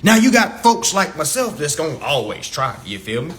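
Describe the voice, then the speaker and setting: A man's voice: a little high, big pitch swings, moderate pace, a bit bright. A man ranting on a live stream to followers, profane and preachy, mocking people as he lectures. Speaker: social media commentator. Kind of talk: instagram live rant. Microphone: phone on a live stream.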